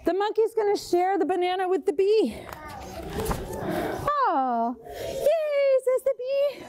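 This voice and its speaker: A woman's voice: very high voice, a little fast, noisy background. A woman librarian leading a children's storytime, reading a picture book aloud and coaxing kids to buzz, roar and act along. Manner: animated, sing-song, coaxing children to join in.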